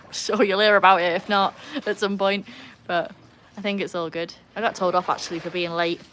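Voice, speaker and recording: A woman's voice: normal speed, slight background noise. A British woman hosting a casual livestream by the pool, chatting, rambling and reading out viewer comments. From Britain. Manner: chatty, rambling, self-mocking, talks to her dogs in a high excited voice. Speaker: livestream host. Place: outdoors by a pool with dogs.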